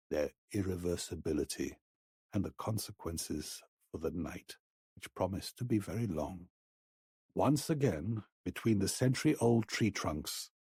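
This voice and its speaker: A man narrates a horror audiobook in a low, slightly husky voice, measured and grave. The recording is close and dry, with no room echo. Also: a little mellow.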